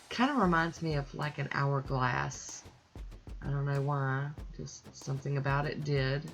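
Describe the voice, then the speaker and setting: A woman hosting her own nail polish channel, talking through a manicure in a chatty, easygoing voice-over. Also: deep voice. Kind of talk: casual voice-over tutorial.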